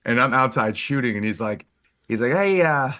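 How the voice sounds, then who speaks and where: A man, a photographer guest on a podcast, telling stories in a lively, animated way, acting out quoted speech and laughing often. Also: medium pitch, a little fast. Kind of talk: casual interview storytelling.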